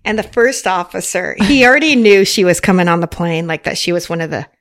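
A woman's voice: lowish voice, brisk. A middle-aged woman, a flight attendant guest, telling stories in casual chat and laughing often. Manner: giggly, animated storyteller who laughs often.

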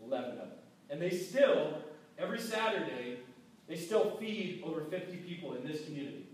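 High-voiced pastor in an echoey hall. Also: male voice, brisk, slight background noise. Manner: casual, animated preaching with quoted voices and restarts. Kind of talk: sermon. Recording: very echoey hall, mic far off.

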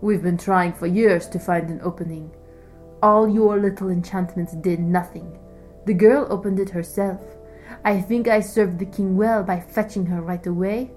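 A woman's voice: medium pitch, fairly even intonation, normal speed, darkish tone, faint music behind, close to an everyday voice. A woman voicing a wary, defensive male servant speaking to his king in a storybook reading. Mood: scornful.

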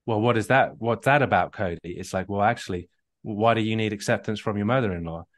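A man's voice: on the low side, a little fast. A man coaching on a live call, earnest and storytelling, with frequent restarts. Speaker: marriage coach.

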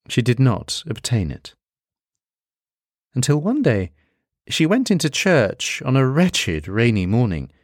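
A man reading a literary story aloud in slow, measured scripted narration. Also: lowish voice, no room sound, studio quality.

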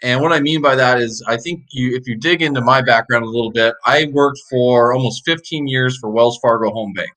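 A middle-aged man talks earnestly as an interview guest. His mid-pitched voice stays conversational and unhurried, with plain everyday phrasing. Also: bright, forceful tone, poor audio. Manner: earnest, conversational, frequent "uh" fillers. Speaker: mortgage professional guest. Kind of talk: casual interview chat.

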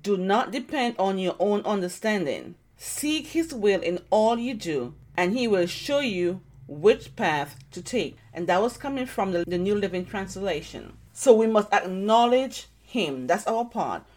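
Female podcast co-host, Bible study reader, even and steady. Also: mid-range voice, unhurried, few pauses. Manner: steady reading and explaining of verses. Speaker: co-host reading scripture.

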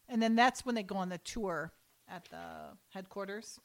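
A middle-aged woman in casual chat, recapping an episode with lively quoted lines. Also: mid-range voice. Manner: animated retelling with quick quoted voices and laughs. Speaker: podcast co-host.

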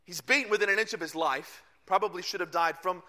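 A male pastor preaches a sermon in a high, bright, cutting voice at a fast pace. He tells the story with animation and breaks into shouts at the big moments.

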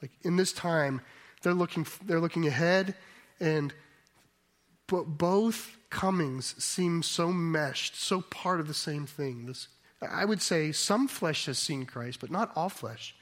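Male pastor preaching a sermon, bit high voice, thinks out loud then gets emphatic. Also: slow. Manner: thoughtful, reflective, rising to emphatic.

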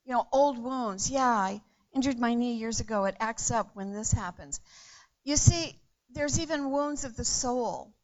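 A woman preaching a sermon in an earnest way, repeating phrases and swinging from hushed to loud. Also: fairly high pitch, a little slow, poor audio.

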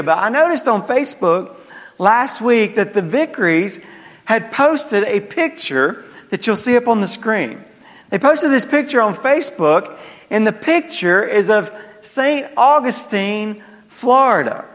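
A Southern man preaching to his congregation, pitched high for a man and prodding the room for amens. His voice rings out in a church sanctuary with a long, trailing reverb. He delivers it as an animated sermon in call-and-response. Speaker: pastor.

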